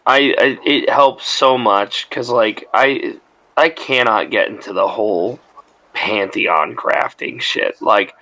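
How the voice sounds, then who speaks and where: Bright-voiced man, hesitant and stammering. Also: on the low side, takes it slowly, rough recording. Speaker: player. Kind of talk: casual group chat.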